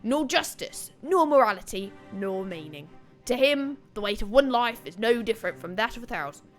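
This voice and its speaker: A woman reading aloud a grim male soldier's account of a lost war from a game, in her own voice with halting pauses. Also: on the high side, lively intonation, soft background music, lightly acted. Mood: grave.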